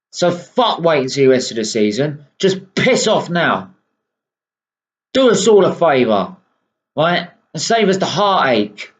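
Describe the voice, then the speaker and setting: Angry man ranting abt his team, swears a lot, kinda high voice, muffled lo-fi audio. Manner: swearing, punctuating with "right?". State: unwell. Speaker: football fan vlogger. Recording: dull lo-fi sound.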